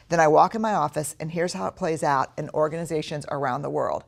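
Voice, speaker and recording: A woman with a low, grounded voice speaks to an audience, telling candid stories from her working life. She talks frankly and brings them to life by acting out her own inner voice. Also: fast talker, gravelly, few pauses. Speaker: speaker on courage and leadership. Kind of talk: storytelling talk to an audience.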